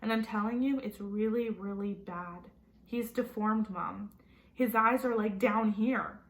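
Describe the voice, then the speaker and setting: A woman's voice: mid-range voice, steady tone, measured pace, echoey room, natural voice, low-quality recording. A woman reading aloud and voicing a preteen boy arguing insistently with his mother. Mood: exasperated. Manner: exasperated, insistent.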